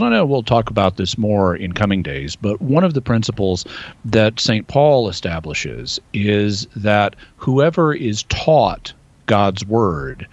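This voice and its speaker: Low-voiced man explaining on radio. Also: no room sound, highs cut off. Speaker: radio show guest expert answering questions. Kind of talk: explaining on live call-in radio. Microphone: studio microphone.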